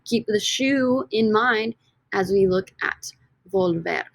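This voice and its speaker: A woman's voice: mid-range voice, slow, vocal fry, no echo. Woman teacher voice, upbeat recorded lesson, dry close sound. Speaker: Spanish teacher.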